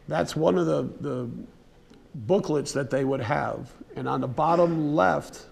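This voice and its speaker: A man giving a casual, unscripted museum lecture, telling a story in a folksy way with fillers and restarts and now and then clearing his throat. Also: fairly high pitch, unhurried, slight background noise. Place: museum presentation room.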